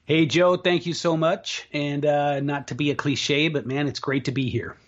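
Male guest, speaking coach, raised pitch, confident storyteller, muffled lo-fi call audio. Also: fairly even intonation, normal speed. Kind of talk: casual interview storytelling. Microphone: remote call setup.

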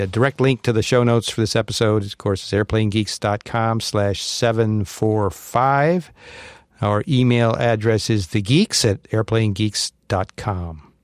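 A man's voice: mid-range voice, dry recording, studio quality. A man hosting an aviation podcast, chatting casually and reading out the closing details. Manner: friendly, wraps up the show. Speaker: podcast host. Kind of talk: casual chat and show sign-off.

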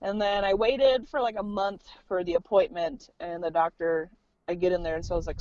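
A woman's voice: medium pitch, animated, brisk, no echo. A young adult woman, a podcast guest, telling a personal story in casual chat, laughing often and acting out the people she quotes. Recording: slightly dull, dry recording.

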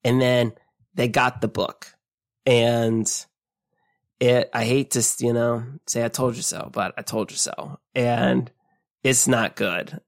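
A man co-hosting a tabletop gaming podcast, talking in a casual and animated way, often trailing off and restarting his sentences. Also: mid-range voice. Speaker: podcast co-host.

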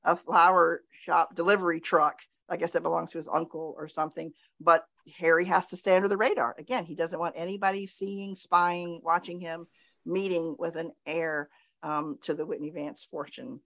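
A woman hosting a podcast, recapping television episodes in a relaxed, chatty way and laughing easily. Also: on the low side, moderate pace, creaky, no room sound. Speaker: podcast host.

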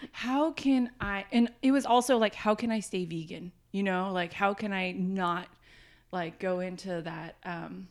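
A woman, a vegan chef guesting on a podcast, talking in a relaxed, matter-of-fact way. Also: medium pitch, unhurried. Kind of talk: casual podcast conversation.

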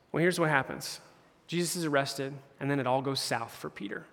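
A man's voice: on the high side, fast talker, gravelly, fairly bright tone. A man preaching as a campus pastor, retelling scripture in casual slang and briefly voicing the characters. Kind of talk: casual conversational sermon. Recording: hall reverb.

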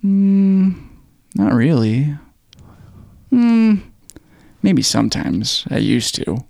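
A man's voice: a little high, sing-song, very slow, gravelly, mellow, no room sound, clean studio sound, exaggerated voice. A man voicing a shy teenage boy who gives short, hesitant, mumbled answers, read aloud as a film scene.

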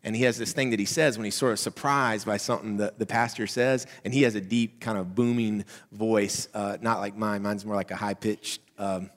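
Southern male pastor, conversational sermon, loud-to-hushed swings, reverberant hall. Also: lowish voice, fairly even intonation, normal speed, few pauses.

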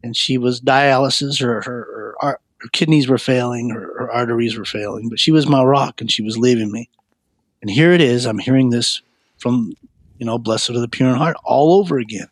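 A man's voice: medium pitch, moderate pace, dry recording. A man earnestly telling his life story as an interview guest, often stumbling and repeating words. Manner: earnest, frequent stammered repeats. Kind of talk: personal testimony storytelling.

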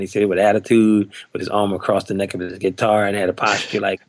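An older man, a drummer, telling a story in a podcast interview in an animated way and acting out other people's lines. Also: on the low side, fast, hardly any pauses. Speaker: drummer telling of his audition.

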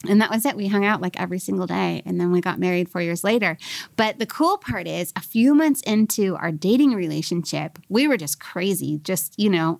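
A woman in her forties, a podcast guest, telling her life story in an animated, laughing way and acting out the voices she quotes. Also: mid-range voice, creaky, no echo. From California. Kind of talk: casual storytelling interview.

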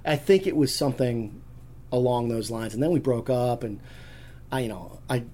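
A man's voice: mid-range voice, normal speed, mellow. A man chatting as a podcast guest, rambling through stories with many restarts. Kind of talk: casual chat.

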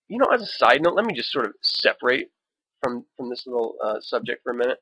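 A man's voice: medium pitch, expressive, a little fast, no echo, dull audio. A man hosting a solo podcast, talking casually, reading book passages aloud and adding wry, profane asides. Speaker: podcast host.

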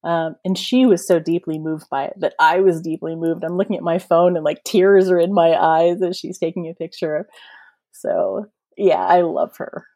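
A woman guest author talking casually on a podcast, effusive and gushing, slowing down to savor her points. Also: fairly low pitch, fairly even intonation, mellow. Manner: effusive, gushing, slows for emphasis.

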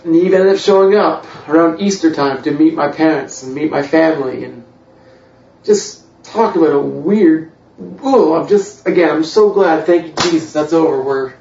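A man's voice: fairly high pitch, measured pace, vocal fry, a little mellow. A man from Canada, a church worship director, telling his faith story with humor, self-deprecating and full of fillers. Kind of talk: personal faith testimony. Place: church hall. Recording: echoey room, distant, dull mic.

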